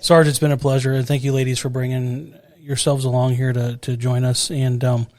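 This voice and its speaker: A man's voice: mid-range voice, level tone, moderate pace, darkish tone. A man hosting a museum podcast, thanking his guest and wrapping up the show in a friendly way. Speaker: podcast host. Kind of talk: interview hosting and sign-off.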